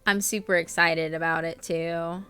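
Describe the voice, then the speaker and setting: A woman's voice: on the low side, little pitch movement, measured pace, pushed and bright, smooth, faint music behind. A young woman streamer chatting casually with viewers, reading out their names between lots of ums and laughs. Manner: chatty, reads out viewer names, filler-heavy. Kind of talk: casual live-stream chat.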